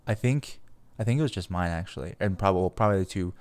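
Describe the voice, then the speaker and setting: A man's voice: low-pitched, fast, darkish tone. A young man telling a story on a podcast in a casual, rambling way, leaning on fillers and swearing freely. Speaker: podcast host.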